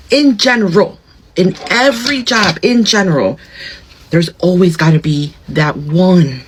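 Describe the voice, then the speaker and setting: A woman's voice: medium pitch, slight background noise, rough recording. A woman ranting bluntly and with profanity about coworkers. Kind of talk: casual ranting vlog.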